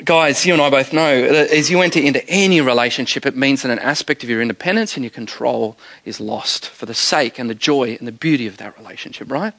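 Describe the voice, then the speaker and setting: A man's voice: medium pitch, fairly quick, hardly any pauses. A male pastor giving a conversational, humorous sermon. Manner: conversational, animated preaching with humor.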